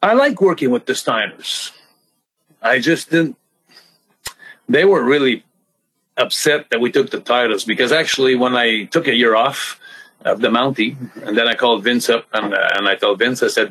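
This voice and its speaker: Older Quebecois man, former wrestler, husky, bright, animated storyteller. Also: mid-range voice, low-quality recording. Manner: animated, laughing, fast bursts, acting out quotes. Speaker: retired pro wrestler, guest. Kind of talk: storytelling in an interview.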